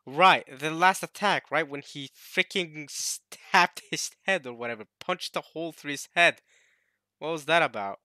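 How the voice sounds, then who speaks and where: A man talks through a manga chapter in a bright, forceful voice, thinking out loud and often restarting his sentences. His tone is casual and excitable. The sound is dry and close, with no room in it. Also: a little high, a little slow, no room sound. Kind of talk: casual manga read-along commentary.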